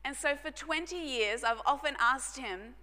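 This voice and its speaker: Aussie woman pastor giving a sermon testimony, bright clear voice, big echoey hall. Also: sits high, moderate pace. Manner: earnest storytelling, drops to soft hushed tones for emphasis. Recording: long hall reverb.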